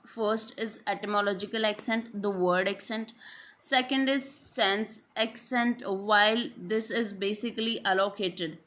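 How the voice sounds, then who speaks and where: A woman explains a literary term in a lecture, repeating her definitions and pausing on fillers. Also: mid-range voice, bright, forceful tone. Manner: repetitive, restating definitions with frequent fillers. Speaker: literature teacher.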